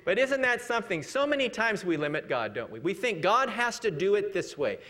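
A man preaching a sermon in an earnest, conversational way, asking rhetorical questions and slowing down to read scripture. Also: sits high, sing-song, sharp tone. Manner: slows for scripture readings.

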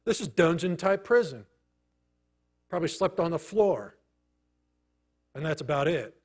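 A middle-aged man preaching a sermon, telling a personal story in a conversational way with many pauses. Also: fairly high pitch, expressive. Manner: storytelling, conversational, pausing often. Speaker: pastor.

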